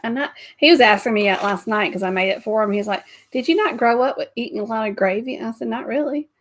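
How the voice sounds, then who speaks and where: A woman's voice: a little high, fast. A woman co-hosting a casual livestream chat, laughing often between remarks. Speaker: livestream co-host.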